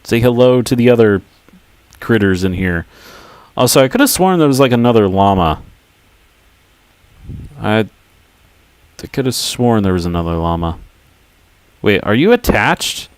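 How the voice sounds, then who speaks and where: A man's voice: fairly low pitch, expressive, a little slow, long pauses, clear, resonant tone, no echo. A man livestreaming a game, chatting casually in a goofy, rambling, self-mocking way. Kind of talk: casual gaming commentary.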